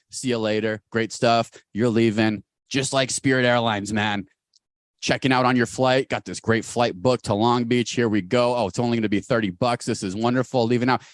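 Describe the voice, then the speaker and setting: A man co-hosting a podcast over a video call, telling stories in a rapid, animated way with big jumps in pitch. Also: no echo, clean studio sound. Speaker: podcast co-host. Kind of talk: casual podcast chat. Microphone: recorded over a video call.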